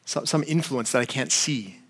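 A middle-aged man preaching a sermon in a conversational way, with loose asides and quick shifts of voice when he retells a story. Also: medium pitch, fairly bright tone, husky. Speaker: pastor.

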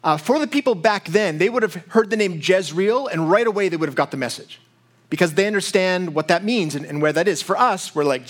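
A pastor with a notably high voice preaches a sermon. He teaches in a chatty way, breaking off to check in with his listeners. The delivery stays casual and explanatory. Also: animated, brisk. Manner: conversational teaching with frequent asides and acted quotes.

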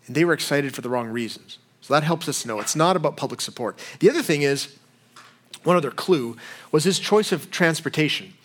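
High-voiced male preacher. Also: lively intonation, brisk, a bit bright. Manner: conversational preaching, rhetorical questions. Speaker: pastor. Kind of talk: sermon.

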